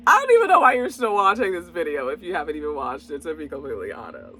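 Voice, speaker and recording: An exuberant woman reviews a movie straight to camera in a loose, chatty way. Her voice is bright and forceful, and she bursts into exclamations and laughter often. She talks to her viewers directly throughout. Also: lowish voice, sing-song, moderate pace, a little hiss or hum. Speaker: movie reviewer and channel host.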